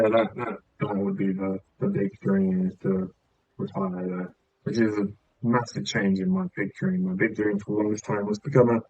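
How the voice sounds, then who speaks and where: A southern English man streaming a game and rambling along, his gravelly, husky voice swinging up and down as he talks. The sound is thin and tinny, like it comes over a phone line. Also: fairly low pitch, dark tone. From England. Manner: meandering, chatty, many filler sounds. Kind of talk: rambling casual chat while gaming.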